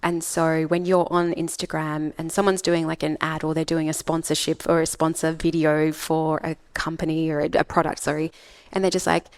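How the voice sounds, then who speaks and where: Australian woman, speaking coach, lowish pitch, dry studio sound, emphatic. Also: flat delivery, moderate pace, few pauses, smooth, dry recording. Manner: emphatic, acts out example voices. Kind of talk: podcast interview.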